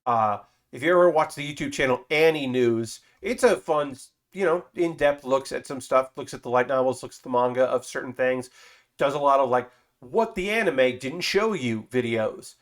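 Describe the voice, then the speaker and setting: Man, live streamer, rambling casual talk, mid-pitched, swears now and then. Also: lively intonation, normal speed. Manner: rambling, loose and chatty, with frequent fillers and casual swearing. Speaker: streamer building a model kit.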